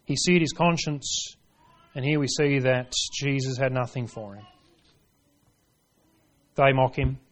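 A man preaching a sermon, reading scripture aloud and driving points home, swinging between hushed lines and forceful ones. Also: mid-range voice, steady tone, a little slow, pauses often. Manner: reads scripture aloud in King James wording.

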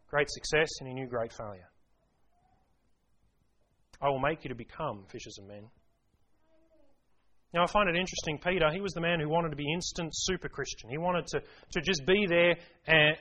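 A man's voice: a little high, a bit bright, highs cut off. A man preaching a sermon to a congregation, emphatic, repeating key phrases and asking rhetorical questions. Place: church service.

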